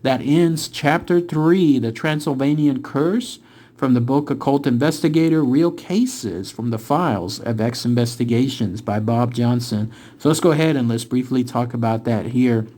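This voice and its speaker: Man reading a dark true-case book aloud. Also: mid-range voice. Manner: dramatic storytelling, rising for tense moments and slowing for reveals. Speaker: book reader and channel host. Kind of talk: reading a book aloud, then casual commentary.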